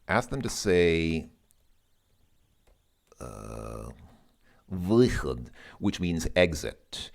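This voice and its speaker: A man's voice: sits low, creaky. A man who is not a native Russian speaker, casually explaining how to pronounce a sound, rambling and correcting himself as he thinks aloud. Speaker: language learner explaining pronunciation.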